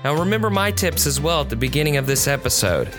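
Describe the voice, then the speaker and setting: Measured children's storyteller. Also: mid-range voice, expressive, music in the background. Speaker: storyteller for a police department children's series.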